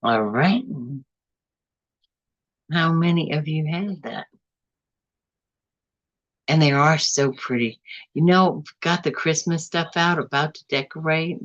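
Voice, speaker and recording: A woman hosting a casual live stream, chatting and reading out viewer comments, with a drawn-out, bouncy way of talking. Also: dull audio. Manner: chatty, drawn-out, swings up and down in pitch.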